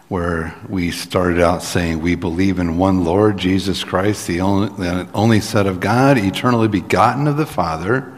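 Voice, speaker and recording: A man preaching in a low, unhurried voice that explains things plainly and turns to chatty asides now and then. His words ring out with a long reverb in a church hall. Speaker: pastor. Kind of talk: sermon.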